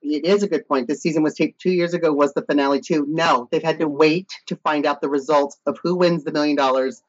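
Playful male co-host, slightly high voice, dull lo-fi recording. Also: fairly even intonation, brisk. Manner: playful, reads chat comments. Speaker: podcast co-host. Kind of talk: casual recap chat. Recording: dull lo-fi audio.

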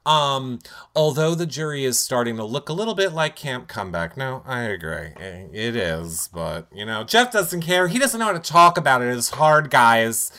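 A man co-hosting a podcast, retelling events in a loose, gossipy way. He sits at a mid pitch and fills his talk with "like" and "um" as he chats. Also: moderate pace. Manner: gossipy, animated retelling with filler words. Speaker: podcast co-host. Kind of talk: casual recap chat.

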